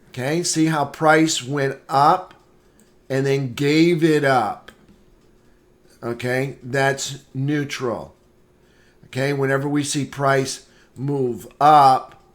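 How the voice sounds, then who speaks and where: A man, a trading instructor, giving a live market analysis lesson, repeating points and checking in with "okay?" often. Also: medium pitch. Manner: greets viewers by name mid-lesson.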